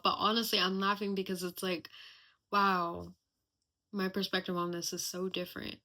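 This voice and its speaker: A woman's voice: mid-range voice, flat delivery, normal speed, pushed and bright. A young woman hosting a casual personal podcast, talking candidly and reflectively with lots of chatty fillers. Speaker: podcast host.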